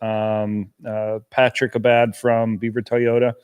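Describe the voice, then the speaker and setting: A man's voice: mid-range voice, little pitch movement, takes it slowly, a little mellow, smooth, dull audio. A man on a casual fishing show, talking in an easygoing way about his fishing plans, at times with his mouth full. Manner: easygoing, talks while eating. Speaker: guest angler. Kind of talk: casual chat.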